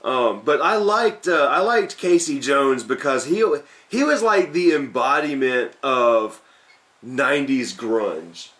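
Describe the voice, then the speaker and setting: Chill guy on a movie podcast, slow easy talk, mid voice. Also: medium pitch, expressive, fairly bright tone. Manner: laid-back, agreeable, swears casually. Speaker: co-host. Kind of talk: casual movie-review chat.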